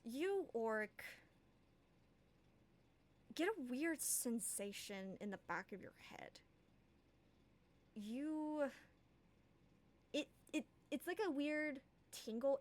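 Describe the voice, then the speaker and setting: A woman runs a tabletop game as its game master. She narrates at a slow pace, stopping often with fillers as she sets each scene. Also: a little high. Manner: slow, hesitant, many fillers.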